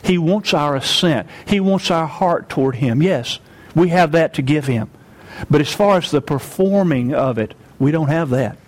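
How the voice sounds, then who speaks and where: A man preaching with earnest emphasis, his voice sitting a little high. He slows down on the key phrases and calls on the congregation to repeat them with him. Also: expressive. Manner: earnest, leads congregation in call-and-response. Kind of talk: sermon.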